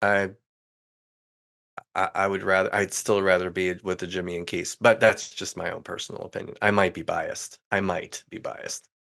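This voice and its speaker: A man's voice: sits low, level tone, moderate pace, vocal fry, fairly bright tone. A man guesting on a podcast, chatting casually and thinking aloud candidly. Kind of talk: casual chat.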